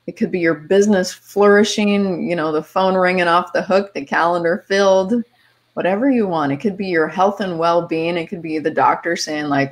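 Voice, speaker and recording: A woman hosting a podcast, calmly guiding listeners step by step through a visualization exercise. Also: fairly low pitch, moderate pace. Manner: calm, step-by-step coaching with light laughs. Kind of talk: guided visualization instructions.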